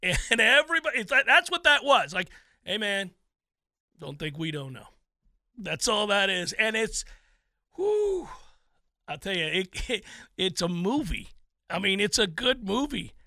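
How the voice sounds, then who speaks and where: A man hosting a sports talk show, telling stories in an animated, theatrical way. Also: high voice, moderate pace, no room sound. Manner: animated, theatrical storytelling with laughs. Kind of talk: casual chat.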